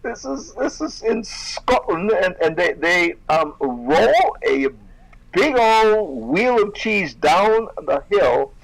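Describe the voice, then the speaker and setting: Gravelly, lively-voiced male co-host. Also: high-pitched, takes it slowly, poor audio. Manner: rambling, laughing, many fillers. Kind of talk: casual chat over videos.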